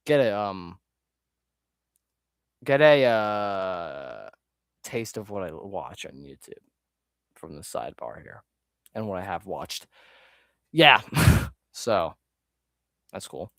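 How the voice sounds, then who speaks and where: Rambling, sidetracked male streamer with casual swearing and a lively up-and-down voice, recorded dry. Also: deep voice, slow, vocal fry, pauses often, no room sound. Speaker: video creator ranking his own videos. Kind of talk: casual live-stream chat.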